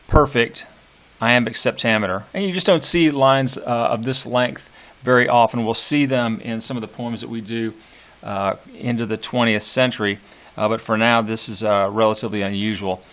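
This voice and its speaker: A man at a middle pitch delivers a recorded lesson on poetic meter. He thinks aloud with plenty of fillers and restarts. When he reads a line of verse he drops into a slow, deliberate pace that leans on each stressed beat. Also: fairly bright tone. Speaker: teacher. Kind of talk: instructional video lecture.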